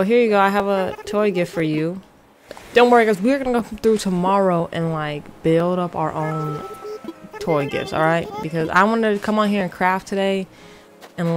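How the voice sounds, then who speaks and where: A woman giving casual gameplay commentary as a vlogger, excitable, rushed and playfully dramatic. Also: lowish voice, faint music behind. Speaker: gaming vlogger.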